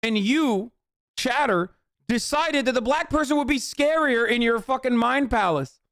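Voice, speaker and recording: A man's voice: very high-pitched, animated, unhurried, fairly bright tone, no echo, clean studio sound. Profane, heated streamer man. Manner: heated, profane ranting at chat. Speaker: livestreamer reacting to a video. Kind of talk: casual reaction stream.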